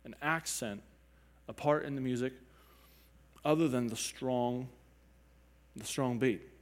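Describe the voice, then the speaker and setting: A man's voice: mid-range voice, slow pace. Man explaining rhythm in a long-echoing hall. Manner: explanatory, counts beats and hums rhythms aloud; frequent throat clearing. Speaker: music teacher. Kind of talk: spoken lecture with sung examples.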